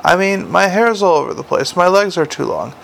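A man voicing a shy, sweet young woman, soft and a little plaintive, in a storybook reading. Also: fairly low pitch, expressive, fairly quick, creaky, a little hiss or hum, voice pushed up.

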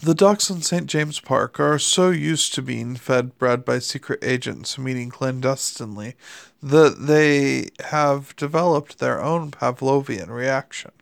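A man reading a story aloud in dry, deadpan scripted narration. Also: medium pitch, unhurried, vocal fry, no room sound. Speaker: audiobook narrator.

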